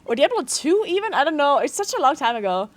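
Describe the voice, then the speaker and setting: A woman's voice: sits high, sing-song, quick pace. A woman in her thirties streaming a game, chatting casually, laughing often and swearing freely. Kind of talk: casual live-stream chat.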